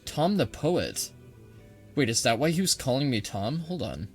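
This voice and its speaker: A man talks through a video game in loose, profane let's-play commentary, joking as he goes and reading signs and articles aloud. His voice sits at an everyday middle pitch. Soft game music plays faintly underneath. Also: sing-song, moderate pace. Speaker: gaming video creator.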